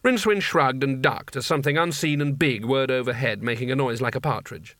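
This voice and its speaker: A man narrates a comic fantasy audiobook with dry, wry timing. His voice sits at an ordinary middle pitch. The recording is close and dry, with no room sound. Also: a little fast, fairly bright tone, dry recording. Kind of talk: scripted narration.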